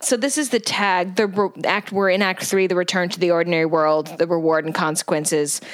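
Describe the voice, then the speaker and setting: A woman's voice: on the low side, steady tone, a little fast. A woman in casual podcast chat, dissecting a show's plot beat by beat. Her tone is wry and analytical, and she laughs easily as she goes. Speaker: podcast co-host.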